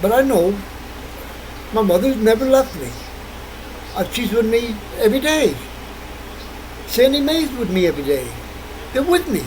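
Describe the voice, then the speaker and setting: A man's voice: extremely high pitch, very animated, moderate pace, pauses often, noisy background. An older man rambling through a late-night monologue, wandering from thought to thought and laughing often. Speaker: vlogger.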